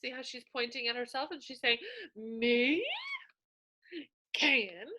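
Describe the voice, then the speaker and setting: A woman teacher giving a slow, coaxing reading lesson to young children, sounding out words in a sing-song way. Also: high voice, level tone, pushed and bright.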